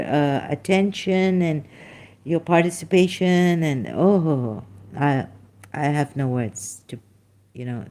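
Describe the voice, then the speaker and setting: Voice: medium pitch, dark tone. A livestream host effusively thanking a viewer, repeating the thanks, laughing often and slipping into Hindi phrases.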